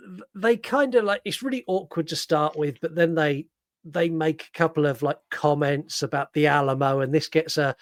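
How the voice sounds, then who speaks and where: A man with a London accent co-hosting a film podcast, retelling scenes with lively acted-out quotes and casual swearing. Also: on the high side, normal speed, no echo, studio quality. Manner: animated storyteller, acts out quotes, swears casually. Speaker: podcast co-host. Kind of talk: casual film review chat.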